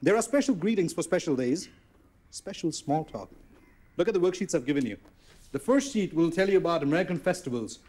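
An actor playing a pedantic trainer teaching a class and correcting students. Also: male voice, on the high side, lively intonation, a little fast, warm tone. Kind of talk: classroom instruction.

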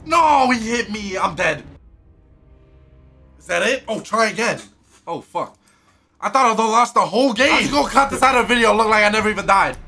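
A man streaming a video game, joking loudly, swearing and shouting his reactions. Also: sits high, fairly quick, pauses often, soft background music. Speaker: gaming streamer. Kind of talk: comedic live game commentary.

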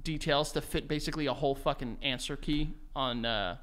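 A man's voice: mid-range voice, brisk, a bit bright. A man co-hosting a podcast, chatting casually and loosely, swearing and restarting his sentences a lot. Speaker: podcast co-host. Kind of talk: casual chat.

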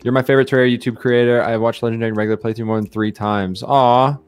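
Young guy streaming a game, hyped and chatty, mid pitch, bit of music behind. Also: smooth, no echo. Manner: excitable, chatty, greets viewers rapidly. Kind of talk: casual live-stream chat.

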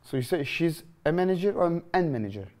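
Guy with teaching a grammar class, fairly high voice, jumps around a lot in pitch, keeps asking "you understand?". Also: a little fast. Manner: lively, questioning, repeats phrases to students. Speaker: English teacher.

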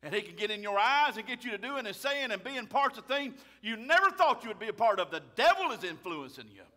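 A man, a pastor preaching a fiery sermon loudly and emphatically. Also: very high-pitched, big pitch swings, fairly quick. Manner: loud, emphatic, raises his voice.

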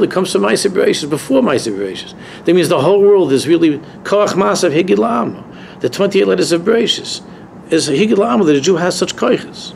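In a university lecture room, a rabbi teaches his students a Torah class, emphatic and repeating key phrases as he builds to impassioned peaks. His high, creaky voice is animated and a little fast, with slight background noise.

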